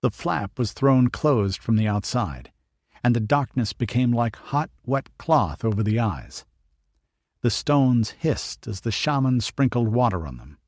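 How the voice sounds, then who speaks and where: Man reading an audiobook, steady and even, mid pitch, dry close mic. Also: a little slow, no room sound. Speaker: audiobook narrator. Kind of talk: scripted narration.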